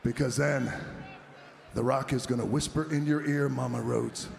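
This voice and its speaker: A man cutting a menacing wrestling promo, taunting an opponent and speaking of himself in the third person, swinging from low growls to shouts. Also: fairly even intonation, normal speed, vocal fry. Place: large arena. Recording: roomy arena sound, faint crowd noise.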